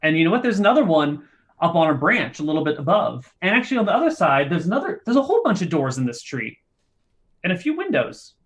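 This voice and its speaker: A man narrating as game master, describing scenes in an easygoing, lively way. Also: a little high, fast talker.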